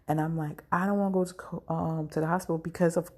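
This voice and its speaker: A woman with a low, gravelly voice talks through her own story in a loose, casual way. She jumps around and acts out what others said. She is in pain as she speaks. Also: steady tone, fairly quick, hardly any pauses, darkish tone. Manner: chatty, scattered, acts out quotes of others. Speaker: podcast host.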